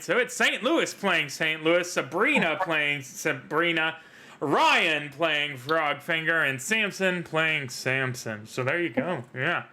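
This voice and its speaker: A man running a tabletop role-playing game on a livestream. His voice is bright and somewhat tense, sitting a bit high. He jokes and rambles, full of fillers and asides. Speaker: game master.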